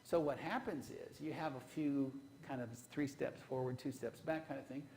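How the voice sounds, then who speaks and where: A man's voice: mid-range voice, steady tone, moderate pace, a little mellow, a little hiss or hum, rough recording. A man preaching a sermon, telling folksy stories from his own marriage and putting rhetorical questions to the congregation. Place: church.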